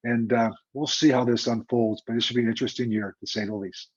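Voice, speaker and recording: An older man, a retired football coach, telling a story in a lively, emphatic, conversational way during an interview. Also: mid-range voice, fast talker, slightly rough. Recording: dull lo-fi remote audio.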